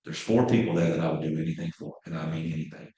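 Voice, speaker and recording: A man's voice: extremely low pitch, fast, mellow. A man in his fifties giving a passionate, blunt real estate training talk. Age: 50s. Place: training room. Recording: very echoey room.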